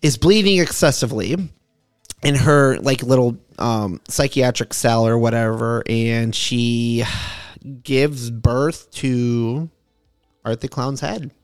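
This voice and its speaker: A man's voice: medium pitch, slow, clean tone, dry recording, soft background music. A man co-hosting a casual movie podcast, rambling with fillers as he talks through a film. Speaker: podcast co-host.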